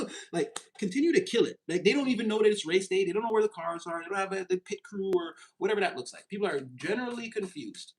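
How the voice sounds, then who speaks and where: Guy doing a tarot reading, high voice, laughs a lot, goes into mocking voices. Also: animated, fast, gravelly, few pauses, low-quality recording. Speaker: tarot reader. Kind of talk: casual tarot reading to camera.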